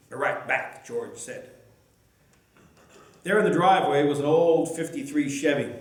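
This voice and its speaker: A male pastor tells a story in a gentle, measured way as part of a sermon. His voice sits a little high. The recording carries a heavy room echo. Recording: echoey room.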